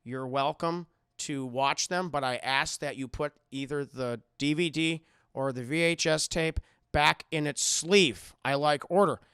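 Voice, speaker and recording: A man voicing a menacing, controlling older male captor, speaking slowly and deliberately in a falsely calm way. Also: a little high, smooth, dry recording, studio quality, voice pushed down. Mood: ominous calm.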